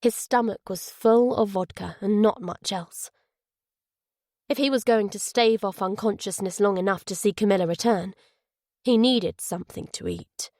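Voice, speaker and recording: A woman's voice: mid-range voice, normal speed, a little mellow, dry recording, clean studio sound. Woman narrating a thriller audiobook.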